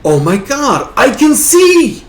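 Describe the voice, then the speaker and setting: A man voicing a huge, despairing blind man about to jump off a ledge, in a voice that turns shrill with joy. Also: animated, normal speed, natural voice. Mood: overjoyed. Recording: echoey room.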